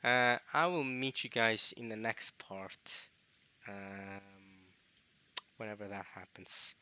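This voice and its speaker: A young man hosting a late-night let's play, tired and strained, rambling along with coughs, throat-clearing and halting restarts. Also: fairly low pitch, pushed and bright. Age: young adult.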